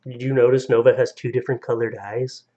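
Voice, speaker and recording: Young male streamer, casual and rambling, easy laugh, mid-pitched voice. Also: flat delivery, fast talker, warm tone, muffled recording. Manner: casual, rambling, laughs often, stumbles over names. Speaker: live streamer. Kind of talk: casual live-stream chat reading viewer stories.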